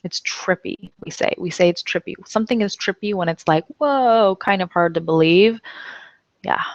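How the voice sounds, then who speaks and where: A woman teaching an English class in a casual, chatty way, laughing often and reading example sentences out slowly. She is tired and her jaw is numb. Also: lowish voice, creaky, dry recording, highs cut off. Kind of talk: casual online English lesson.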